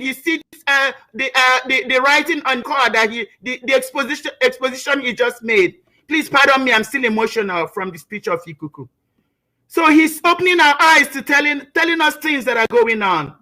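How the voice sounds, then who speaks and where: Woman caller, very high and bright, fervent and emotional, repeats phrases. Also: poor audio. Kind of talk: emotional call-in speech.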